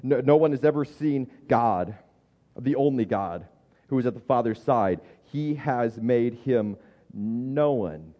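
A man's voice: mid-range voice, animated, slow pace, in a large hall, dull audio. A man preaching a sermon as a pastor, earnest, often repeating words as he builds each point.

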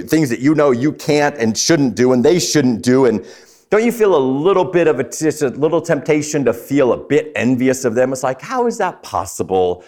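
A man's voice: mid-range voice, darkish tone. A man preaching on a psalm, often stumbling and repeating words, and putting questions to his listeners. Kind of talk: sermon on a psalm.

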